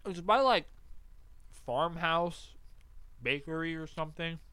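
A man's voice: a little high, takes it slowly, smooth, no room sound. A young man chatting casually as a podcast host, telling stories with lots of swearing and acting out quoted lines. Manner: animated storyteller, swears freely, acts out quotes. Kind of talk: casual chat.

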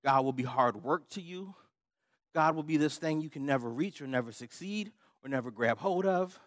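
A man's voice: fairly high pitch, normal speed, no room sound, clean studio sound. A middle-aged man preaching a sermon, telling a personal story in a humorous, conversational way and laughing often. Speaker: pastor.

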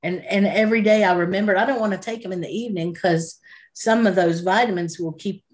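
A woman's voice: mid-range voice, a little fast. A woman, co-hosting a casual chat in a chatty, self-deprecating way. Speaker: co-host.

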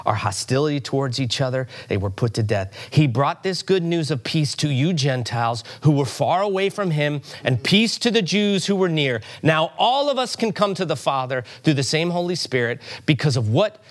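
Animated middle-aged man preaching a sermon. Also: on the high side, normal speed, few pauses. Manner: animated, conversational preaching with asides and rising emphasis. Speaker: pastor. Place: church sanctuary with congregation.

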